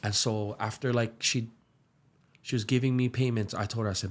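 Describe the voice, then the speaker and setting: A young man with a light lilt telling his story earnestly on a podcast, his voice dropping to a hush when it gets emotional. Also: on the low side, steady tone, normal speed. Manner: earnest, slips into soft hushed tones when emotional. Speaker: musician and aspiring pastor.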